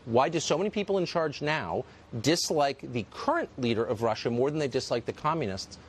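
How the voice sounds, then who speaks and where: A man's voice: medium pitch, animated, fairly quick, a little hiss or hum. A man hosting a news interview, probing his guest with pointed questions. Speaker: news show host.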